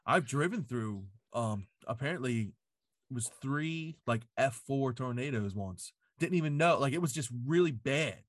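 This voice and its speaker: In a home basement, a man at an ordinary middle pitch tells a story in casual chat, loose and profane, with "like" in nearly every sentence. He sounds expressive and talks at normal speed. The recording is dry and close, without room echo.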